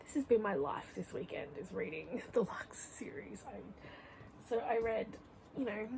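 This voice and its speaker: A woman's voice: mid-range voice, animated, normal speed, gravelly, background noise. A young woman chatting casually in a reading vlog at home, gushing and rambling, often dropping to a whisper. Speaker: book vlogger. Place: home room.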